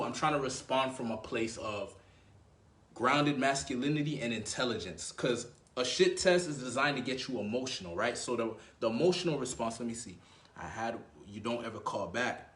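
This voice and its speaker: A man giving casual dating advice who thinks out loud and keeps checking in with the listener. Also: medium pitch, fairly quick. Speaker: dating coach. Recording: roomy echo.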